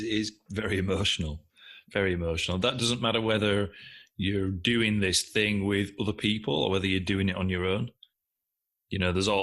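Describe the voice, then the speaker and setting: A very deep-voiced man with a bright, forceful tone hosts a casual podcast chat. He affirms his guest warmly, repeats his phrases, and drops the odd swear word. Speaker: podcast host.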